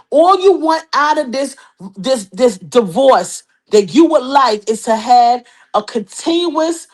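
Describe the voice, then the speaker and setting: Brash high-voiced woman podcast host. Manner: brash, animated, teasing, keeps asking "huh?". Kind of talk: casual celebrity gossip commentary.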